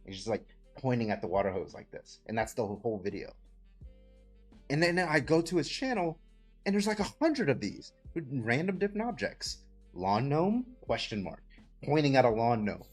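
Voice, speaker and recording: एक आदमी, जो लाइवस्ट्रीम पर दोस्तों के साथ बेतकल्लुफ़ बातचीत करते हुए ज़ोश से किस्से सुनाता और बीच-बीच में हँसता है।. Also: male voice, mid-range voice, moderate pace, faint music behind. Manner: excitable storyteller, breaks into laughter and mimicry. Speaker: stream host. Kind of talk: casual livestream chat.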